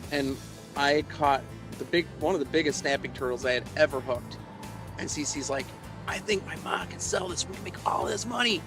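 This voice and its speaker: A man on a live fishing stream, rambling through old stories with plenty of chuckles and self-mockery, talking to his chat. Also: medium pitch. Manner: chuckling, meandering, self-mocking. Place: outdoors by the water while fishing.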